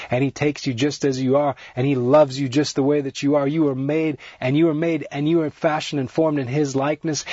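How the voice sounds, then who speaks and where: Husky male preacher, earnest sermon delivery, dry muffled close-mic recording. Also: mid-range voice, a little mellow, no echo. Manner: earnest, repetitive, rising emphasis. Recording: dry, dull lo-fi sound.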